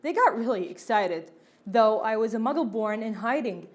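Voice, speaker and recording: A sheepish teenage boy wizard pleads and explains himself in a slightly raised voice, as a woman reads him. Storybook reading, defensive and hurried. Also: fairly high pitch, lively intonation, pitched below the performer's own voice. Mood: explaining.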